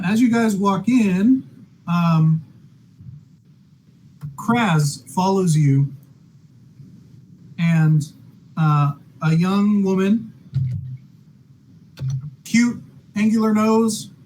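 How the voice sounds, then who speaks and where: A man narrating as dungeon master, halting and filling pauses with ums and restarts. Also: sits high, a little mellow, slight background noise, poor audio. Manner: halting, many fillers and restarts. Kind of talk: narrating a tabletop game.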